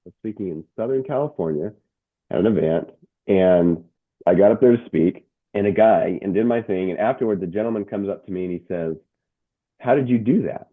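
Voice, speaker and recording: A middle-aged man, a motivational speaker and coach, telling his story as an interview guest, animated and restarting his words often. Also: low voice, fairly quick. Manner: animated, stumbling restarts and word repeats. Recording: tinny phone-like line.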